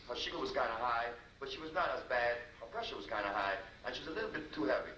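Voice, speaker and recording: Animated man telling stories in a roomy hall. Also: on the high side, quick pace. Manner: animated, conversational storytelling with asides to listeners. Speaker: healer. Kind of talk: storytelling talk to a live audience. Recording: roomy, distant mic with noise.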